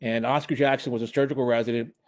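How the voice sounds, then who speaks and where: An older man telling stories in a relaxed, chatty way, often stopping and restarting mid-thought. His voice sits in a middle register. The sound is close and dry, as over a video call. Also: mid-range voice, fast talker, dry recording. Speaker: former emergency department chair and program director. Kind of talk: casual storytelling on a video call.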